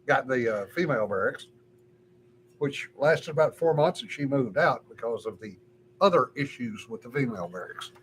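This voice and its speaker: A man's voice: mid-range voice, expressive, normal speed, a bit bright, a little hiss or hum. An older man co-hosting a casual podcast, telling rambling stories and chuckling often. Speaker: podcast co-host. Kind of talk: casual chat.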